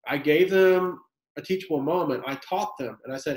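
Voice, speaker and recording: Guy teacher talking shop, kinda high voice, echoey room, acts out what the kids say. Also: a little fast. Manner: conversational, acts out student exchanges. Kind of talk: casual classroom advice talk.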